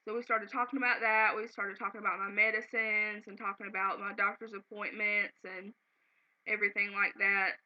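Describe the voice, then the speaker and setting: A woman's voice: mid-range voice, little pitch movement, fairly quick. A woman telling a personal story to her camera at home, earnest and sometimes close to tears. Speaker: vlogger. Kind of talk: casual emotional storytelling to camera. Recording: slightly dull, lo-fi home video.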